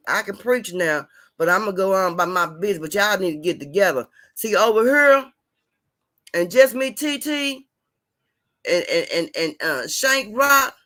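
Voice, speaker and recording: A woman's voice: mid-range voice, sharp tone. A woman hosting her channel, lecturing viewers in a repetitive, emphatic, preachy monologue. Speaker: channel host.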